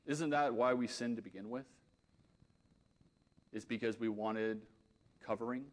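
Earnest male preacher, loud-then-quiet delivery. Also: lowish voice. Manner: earnest, swings from loud emphasis to quiet intensity; leads a closing prayer. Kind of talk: sermon.

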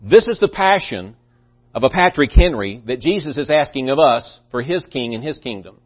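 A man's voice: medium pitch, expressive, moderate pace. Earnest preaching man, lo-fi sound. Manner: earnest, emphatic, with restarts. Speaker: pastor. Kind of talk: sermon. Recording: dull lo-fi recording.

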